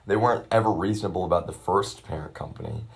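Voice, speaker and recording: Deep-voiced man on a profane ranting stream. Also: quick pace. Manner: swears heavily and keeps addressing the audience as y'all. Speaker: livestreamer. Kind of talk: profane rambling rant to a live audience. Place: at his grandmother's residence. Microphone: self-filmed camera.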